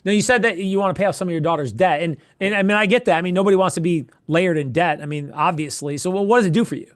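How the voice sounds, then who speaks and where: A man coaching a role-play sales call, animated and profane, repeating short phrases in quick bursts. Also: high-pitched. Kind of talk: coaching feedback in casual chat.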